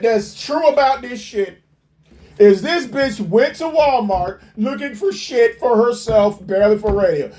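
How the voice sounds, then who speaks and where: A man giving profane reaction commentary, mocking and incredulous and swearing constantly. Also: very high-pitched.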